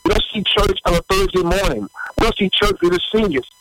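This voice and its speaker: A man's voice: high-pitched, fairly quick, no echo, poor audio. A middle-aged male pastor preaching a sermon, repeating and stressing his points with emphatic energy. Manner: animated, repetitive emphatic preaching. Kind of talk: livestreamed sermon with announcements.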